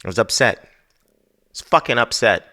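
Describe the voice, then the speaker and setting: A man on his podcast, ranting through a story about poor service with lots of swearing. His pitch swings widely and his voice has a bright, forceful edge. He talks loosely and casually, like he is with friends. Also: a little fast. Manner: profane, animated, exasperated storytelling. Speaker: podcast host.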